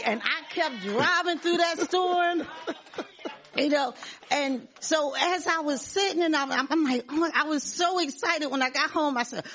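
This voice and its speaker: A woman's voice: sits high, a little slow, a bit bright. Woman giving an earnest church testimony, lo-fi. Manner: earnest, repeats herself, laughs often. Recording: dull lo-fi sound.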